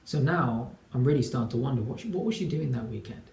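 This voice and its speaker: A young man in his twenties tells a personal story with earnest emphasis, acting out bits of dialogue. His voice is warm and mellow with a gravelly edge. The sound bounces around an echoey room. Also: mid-range voice, lively intonation, quick pace, a little hiss or hum. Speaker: relationship coach.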